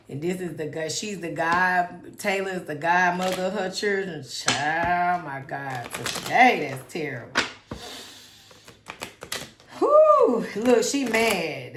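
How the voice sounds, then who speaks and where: Woman tarot reader, slow, low-pitched, chatty and dramatic; echoey room with noise behind. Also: gravelly. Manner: chatty, dramatic, talks to spirit and viewers. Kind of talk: casual tarot reading.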